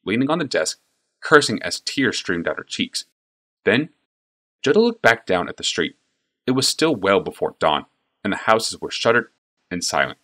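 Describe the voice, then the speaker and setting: Deep-voiced, expressive male narrator. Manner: expressive storytelling. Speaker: audiobook narrator. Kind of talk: scripted narration.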